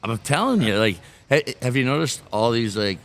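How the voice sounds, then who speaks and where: A man's voice: medium pitch, big pitch swings, normal speed, fairly bright tone. A man from Canada with a Canadian accent, chatting casually on a podcast as a guest, laughing often and trailing off into restarts.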